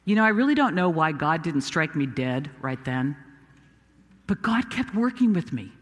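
A man's voice: on the high side, very animated, moderate pace, in a large hall. A man playing Moses, a humble, self-doubting Hebrew prophet, in a first-person dramatic sermon told with earnest, emphatic storytelling. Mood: pleading. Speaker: preacher.

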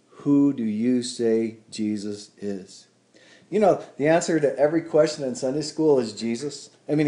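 A man preaching a sermon as pastor, earnest, rising to emphatic peaks and dropping to quiet, and leading the congregation in repeating lines together. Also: medium pitch. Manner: leads the congregation in call-and-repeat.

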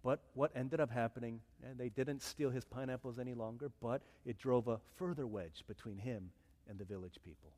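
A male pastor preaching a sermon, telling a story in a humorous, animated way. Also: medium pitch, fairly quick.

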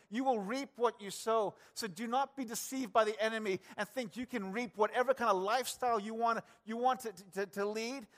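A man preaching a sermon in an earnest, conversational way, often turning to address the congregation directly and swinging between quiet, low passages and raised emphasis. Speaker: pastor.

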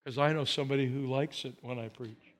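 A male pastor telling stories in a sermon, humorous and animated, with chuckling asides. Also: mid-range voice, fairly quick, slight background noise. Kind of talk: storytelling sermon.

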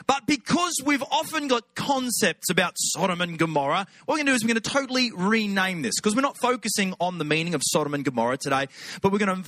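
A man's voice: sits high, bright, forceful tone, no echo. A middle-aged Australian man giving a chatty, humorous sermon as a guest preacher. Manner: humorous, conversational, chatty asides.

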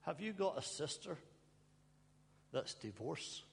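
Pleading preacher in a reverberant church. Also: male voice, a little high, very animated, slow pace, creaky. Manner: pleading, with breaks into soft laughter and sighs. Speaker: pastor. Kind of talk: emotional sermon and prayer. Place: church hall. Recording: long church reverb, faint hum.

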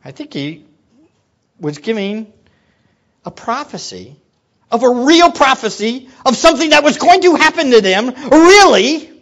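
A preacher giving a sermon, swinging from hushed low teaching to loud excited exclamations and putting questions to the listeners. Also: measured pace, highs cut off. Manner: asks the audience questions.

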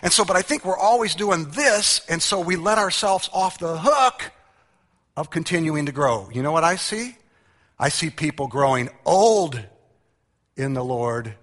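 A man preaching a sermon, reading scripture quietly and then calling out to the congregation with animated emphasis. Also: mid-range voice, in a large hall. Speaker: pastor.

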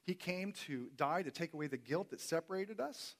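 A man's voice: fairly high pitch, animated, normal speed. A man preaching a sermon as a pastor, earnest and emphatic, repeating key words for weight.

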